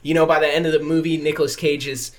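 A man in casual chat, talking in a relaxed way with many fillers. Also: fairly high pitch, fast talker. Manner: relaxed, frequent "you know" and "yeah".

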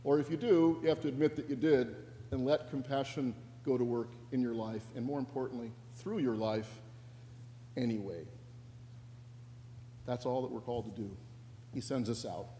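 A man preaching as a pastor, telling a story in a wry, conversational way, his voice softening at the ends of phrases. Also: mid-range voice, steady tone, moderate pace, pauses often, a little hiss or hum. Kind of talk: sermon storytelling. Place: church sanctuary. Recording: long church reverb.

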